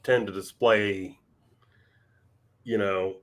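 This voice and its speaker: Lower-voiced dude on a podcast, kinda wry and sarcastic, takes his time. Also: steady tone. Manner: measured, wry, dryly sarcastic. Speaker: podcast co-host. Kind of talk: casual chat.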